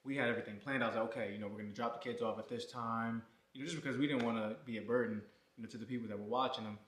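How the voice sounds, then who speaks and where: A man's voice: medium pitch, fairly even intonation, rapid-fire, a bit bright, echoey room. A man co-hosting a vlog in casual chat, joking and laid-back. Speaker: vlogger, husband co-host.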